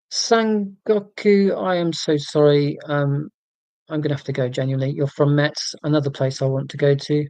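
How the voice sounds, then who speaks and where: A livestream host with a dark-toned voice on the high side rambles casually from home, with no room sound. He reads out viewer comments in a chatty, self-deprecating manner.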